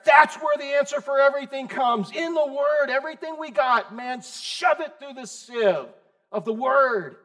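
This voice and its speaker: High-voiced joking preacher man. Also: normal speed, fairly bright tone. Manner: joking, quizzes and calls on listeners by name. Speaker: pastor. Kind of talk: casual conversational sermon. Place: church service with congregation.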